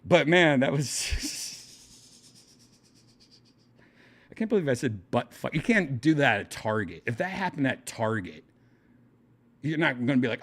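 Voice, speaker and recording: A man, a comedian hosting his own podcast, telling a crude story in casual, animated fashion and laughing often. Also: moderate pace, long pauses. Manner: animated, jumps up in pitch for quoted voices, crude jokes, laughs often. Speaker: podcast host.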